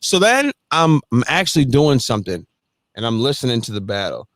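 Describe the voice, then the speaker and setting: A man hosting a casual livestream chat, animated and laughing often as he talks. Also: medium pitch, fairly quick, no echo, studio quality. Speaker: host.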